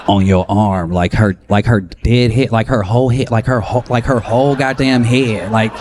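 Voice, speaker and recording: A man doing a profane, animated stand-up set in a live comedy club, acting out voices in his stories. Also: mid-range voice, noisy background. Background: audience laughter.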